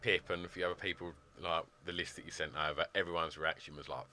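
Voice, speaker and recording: A man co-hosting a podcast, reacting in a lively way and swearing casually. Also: sits low, fast. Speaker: podcast co-host. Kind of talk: casual chat.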